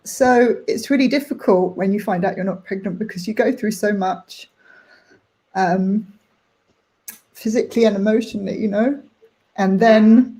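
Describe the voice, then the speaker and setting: Young woman chatting, mellow warm tone, halting and a bit emotional. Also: mid-range voice. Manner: emotional, halting, many fillers. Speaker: nanny sharing her story. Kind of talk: candid personal chat.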